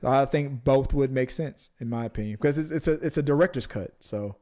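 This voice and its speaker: Talking through the news as co-host of a casual movie podcast, a man jokes, rambles, and self-corrects. His voice is medium in pitch and mellow, his pace slightly quick.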